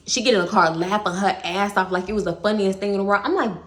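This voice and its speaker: Woman, Texas accent, casual storytime vlog, bright voice, animated, profane. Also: mid-range voice, fast, few pauses. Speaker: vlogger.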